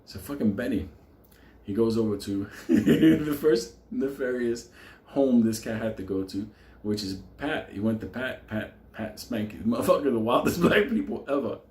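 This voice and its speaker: A man telling a profane story, laughing often and talking with animated energy. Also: mid-range voice, normal speed. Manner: laughing, animated, heavy swearing. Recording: echoey room with faint ambience.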